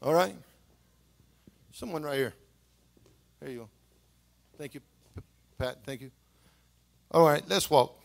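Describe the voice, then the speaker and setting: An older man preaching a live sermon in a church, swinging from hushed, emotional storytelling to impassioned shouting. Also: fairly high pitch, a little slow, creaky, long pauses. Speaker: pastor. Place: church sanctuary with congregation.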